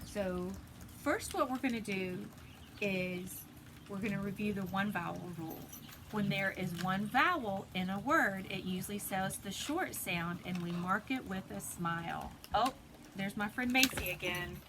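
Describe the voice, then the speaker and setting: A woman teaching a phonics lesson to preschoolers, sounding out letters slowly and deliberately, recorded at home. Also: mid-range voice. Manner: slow, deliberate, sounds out letters for little kids. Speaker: pre-K teacher. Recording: noisy home video recording.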